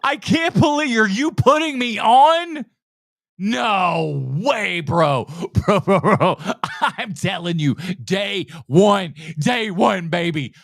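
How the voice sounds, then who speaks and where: A man putting on an overexcited trailer reactor, all gasps and disbelief. He yelps high and loud with wild swings in pitch. It's a mocking, exaggerated hype act. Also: animated, slow, creaky, full character voice. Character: overexcited male trailer reactor, gasping and hyped.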